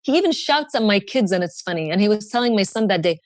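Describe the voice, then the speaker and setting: A woman's voice: medium pitch, animated, quick pace, no echo. A woman in her thirties from Kuwait, a podcast guest telling a personal story with animation, acting out dialogue and swearing freely. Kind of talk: emotional personal storytelling in conversation.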